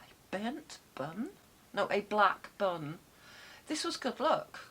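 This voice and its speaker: A woman's voice: very animated, unhurried, fairly bright tone, exaggerated voice. A woman putting on a playful mock Scottish accent. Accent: put-on Scottish. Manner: playful, exaggerated, pitch leaping high. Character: the vlogger herself in mock Scottish.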